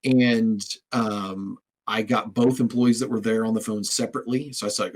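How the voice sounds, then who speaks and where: A man's voice: mid-range voice, steady tone, brisk, poor audio. A man hosting a podcast interview, telling stories in a rambling way with frequent restarts and repeated words. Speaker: podcast host. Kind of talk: conversational interview.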